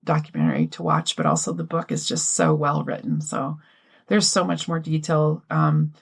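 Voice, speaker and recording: Woman co-host, low gravelly voice, reads a prepared story with dry asides. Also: big pitch swings, moderate pace. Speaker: podcast co-host. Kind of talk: scripted history storytelling then casual chat.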